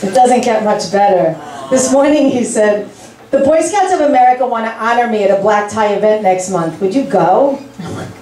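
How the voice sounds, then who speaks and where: Forty-something woman doing deadpan standup, kinda high voice, echoey club heard from a distance. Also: a little hiss or hum. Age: 40s. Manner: deadpan one-liners, quick self-mocking punchlines. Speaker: stand-up comic. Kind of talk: stand-up set. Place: club stage with audience.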